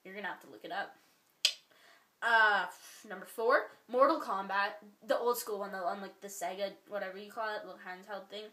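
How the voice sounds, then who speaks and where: A woman's voice: medium pitch, brisk, pushed and bright. A woman with a Canadian accent chatting casually to camera as a vlogger, rambling with lots of likes and ums and laughing as she goes. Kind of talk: casual chat. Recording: roomy echo.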